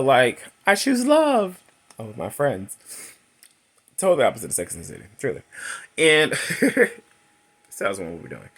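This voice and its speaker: A man in his thirties giving a chatty, laughing movie recap and review, acting out characters' lines in a high voice. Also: vocal fry, fairly bright tone, breathy edge.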